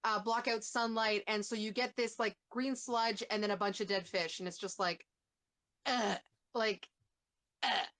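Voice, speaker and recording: A woman's voice: mid-range voice, steady tone, normal speed, hardly any pauses, a bit bright. Gushing Canadian woman host, fillers. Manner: gushing, emotional, many fillers and restarts. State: tearful. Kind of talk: casual live-stream interview.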